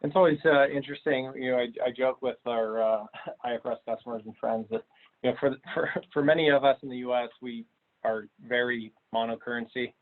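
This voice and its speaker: A man co-presenting a webinar, talking casually with light jokes and halting restarts. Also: mid-range voice, steady tone. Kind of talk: webinar discussion. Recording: tinny phone-like call audio.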